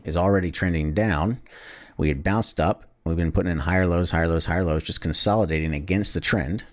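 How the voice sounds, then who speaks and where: A man teaching a trading lesson, explaining charts in a casual, conversational way with some restarts. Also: deep voice. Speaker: trading educator.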